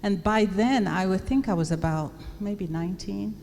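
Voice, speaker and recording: A woman's voice: medium pitch, normal speed, gravelly, darkish tone. A woman from England telling a church audience about her courtship in a chatty storytelling way, mimicking family voices. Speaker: pastor's wife. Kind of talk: personal testimony to a church audience. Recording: long hall reverb, faint background noise.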